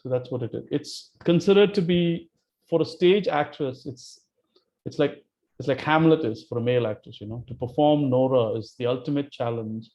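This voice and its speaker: A man leading a casual book-club discussion, emphatic and animated, often restarting his sentences. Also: medium pitch, normal speed. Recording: muffled online call audio.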